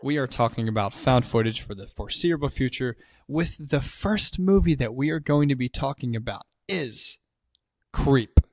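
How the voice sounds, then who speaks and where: A man's voice: medium pitch, lively intonation, moderate pace, darkish tone, no echo. A man co-hosting a movie podcast, retelling the plot in a loose, swearing casual chat. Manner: swears often, acts out quotes loosely. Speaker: podcast co-host.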